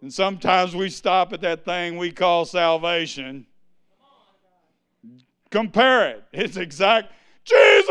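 A man preaching a sermon in a church, swinging from quiet asides to loud, lifted preaching. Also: high voice, clean tone.

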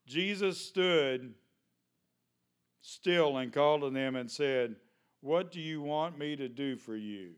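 A man's voice: fairly high pitch, takes it slowly, clean tone. A male pastor, preaching a sermon in a conversational way, full of questions to the congregation.

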